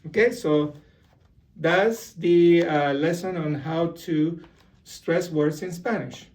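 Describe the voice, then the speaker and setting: Brief: male teacher, higher-pitched voice, patient and explanatory, slightly off-mic at a whiteboard. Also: darkish tone, far from the mic. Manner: slow, explanatory, repeats example words. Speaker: Spanish teacher. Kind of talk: beginner language lesson. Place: room with a whiteboard.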